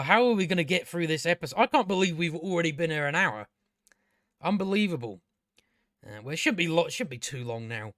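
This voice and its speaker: A man's voice: on the high side, fairly bright tone, no room sound, studio quality. A man ranting sarcastically as he reviews a show, swearing a lot and mocking the characters. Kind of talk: casual profane rant.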